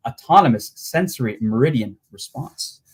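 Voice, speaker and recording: A man's voice: medium pitch, expressive, moderate pace, darkish tone, breathy edge. A man hosting a casual livestream, chatty and swearing, with rambling asides. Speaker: livestream host.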